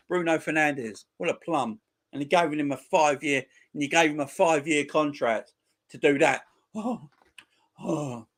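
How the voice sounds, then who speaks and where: A man's voice: fairly high pitch, normal speed. A man in his forties hosting a football channel, chatting casually with viewers on a live stream in crude, mocking banter. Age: 40s.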